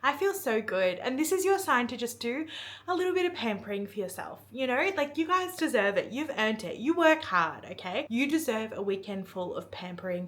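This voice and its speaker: A woman's voice: on the high side, big pitch swings, fairly quick. A young woman vlogging at home in a casual, chatty way, full of fillers and asides, dropping her voice when she quotes. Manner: chatty, many fillers, hushed when quoting. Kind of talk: casual chat, retelling a book scene. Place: at home, in bed.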